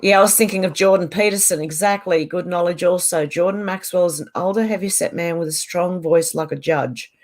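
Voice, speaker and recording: A woman's voice: on the low side, a little fast, few pauses, a little mellow. A woman hosting a casual livestream, reading viewers' comments aloud and answering them in a chatty way. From Australia.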